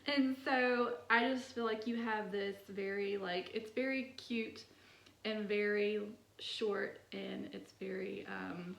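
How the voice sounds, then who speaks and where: A woman talks over poems at an unhurried pace, her voice sitting in the middle pitch range with a rough, fry-tinged texture. She chats casually, leaning on "like" as filler. The sound carries a noticeable echo from the room around her. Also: steady tone. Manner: chatty, many "like" fillers, soft laughs. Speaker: poetry channel host. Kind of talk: casual poetry discussion.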